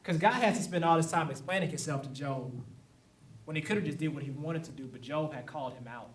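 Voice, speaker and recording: High-voiced pastor preaching in an echoey church. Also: male voice, fast. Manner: conversational preaching with laughs and acted-out quotes. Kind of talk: sermon. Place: church sanctuary. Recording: echoey room, mic at a distance.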